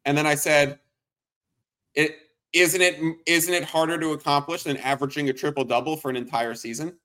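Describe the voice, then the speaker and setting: Animated man co-hosting a sports podcast. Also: on the high side, brisk. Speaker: podcast co-host. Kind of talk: casual sports chat.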